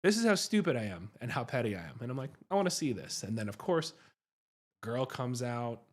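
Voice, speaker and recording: A man's voice: medium pitch, big pitch swings, brisk. A man, a psychiatrist hosting a livestream, telling a story in a chatty, self-mocking way and often asking "right?".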